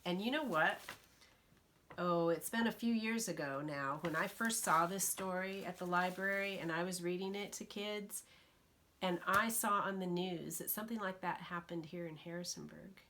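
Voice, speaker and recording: A woman librarian reading a picture book aloud to preschoolers, slow and expressive, pausing to ask the children questions. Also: on the low side, slight background noise.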